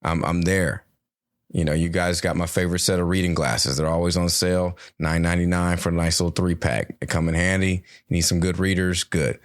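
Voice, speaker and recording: A low-voiced middle-aged man riffs alone on his podcast, drifting from topic to topic with a jokey, animated delivery. His voice sits close and dry, with no room sound around it. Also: brisk, no room sound. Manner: rambling, jokey, animated, swears casually. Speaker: podcast host. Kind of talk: solo comedic podcast monologue.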